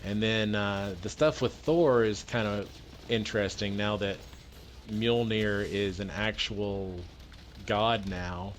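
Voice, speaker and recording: A man hosting a geek news podcast, going through the news in a calm, matter-of-fact casual chat with dry humor. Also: on the low side, slow, a little hiss or hum. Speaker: podcast host presenting news.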